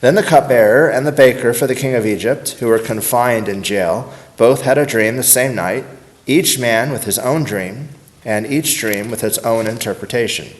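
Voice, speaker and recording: A man reads scripture aloud at an even, unhurried pace. His voice sits at a middling pitch for a man. He delivers the passage as a plain scripted reading. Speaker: scripture reader.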